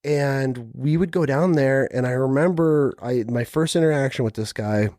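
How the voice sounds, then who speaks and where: A man hosting a podcast, telling stories in a relaxed, casual way with some swearing. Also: mid-range voice, moderate pace, dry recording, clean studio sound. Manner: relaxed storytelling, swearing, acts out quoted voices. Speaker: podcast host. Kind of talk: casual interview chat.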